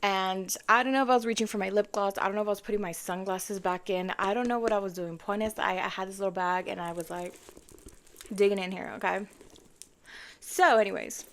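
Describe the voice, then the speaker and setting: A young woman telling a casual story for her channel, chatty and animated, with lots of fillers and asides, acting out what people said in her own voice. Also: medium pitch, a little fast. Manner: acts out quoted lines in her own voice. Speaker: car content creator telling a story.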